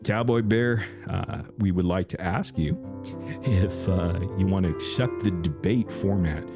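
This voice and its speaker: A man's voice: low-pitched, measured pace, loud music behind the voice. A man hosting a casual live stream, reading viewer comments aloud and teasing one chatter in a playful, crooning way.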